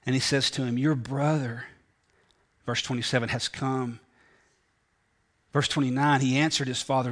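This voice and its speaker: A man preaching a sermon in a folksy way, acting out the story's voices and dropping from loud to near whispers. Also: medium pitch, steady tone, moderate pace, long pauses. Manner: folksy, acts out the parable's voices, swings from loud to hushed. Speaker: pastor.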